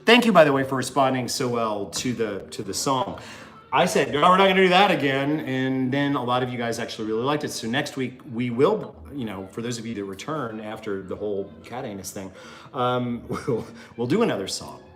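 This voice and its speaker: A man chats his way through a cocktail demo in his home kitchen, joking and rambling with many ums. His voice sits mid-range, with music playing clearly in the background. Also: medium pitch, normal speed. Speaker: home cocktail show host. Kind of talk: casual cooking chat.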